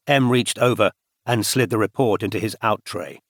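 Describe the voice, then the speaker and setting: A man narrating a spy novel audiobook in a measured, even storytelling manner. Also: on the low side, dry recording. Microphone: close studio mic. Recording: dry close studio recording.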